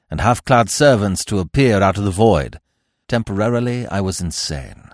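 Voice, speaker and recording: A man narrating a classic adventure story in a theatrical, highly expressive reading. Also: no room sound, studio quality. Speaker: podcast narrator. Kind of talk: dramatic audiobook narration.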